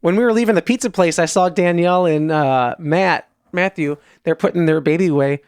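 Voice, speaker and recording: A man's voice: fairly high pitch, fairly quick, clear, resonant tone, no echo, clean studio sound. A man with a Wisconsin accent co-hosting a podcast, rambling through stories and quoting people back and forth. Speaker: podcast co-host. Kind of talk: casual chat.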